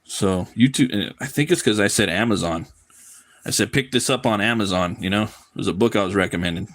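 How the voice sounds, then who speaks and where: A man with a lowish voice talks casually through a live drawing stream. He rambles freely, swears easily and stumbles over repeated words. The delivery is loose and unscripted. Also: lively intonation, brisk. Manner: loose, profane, rambling with frequent word repeats. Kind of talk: casual chat while drawing.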